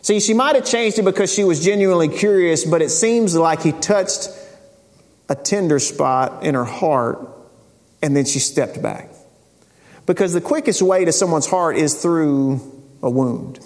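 A man's voice: on the high side, unhurried, darkish tone. Conversational male preacher in a reverberant hall. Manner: conversational storytelling, paraphrasing scripture in casual speech. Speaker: pastor. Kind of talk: sermon.

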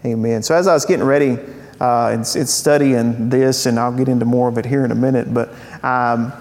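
A man's voice: mid-range voice, fairly even intonation, brisk, darkish tone. A man preaching a sermon as pastor, conversational and earnest, with frequent fillers. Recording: church hall with long reverb.

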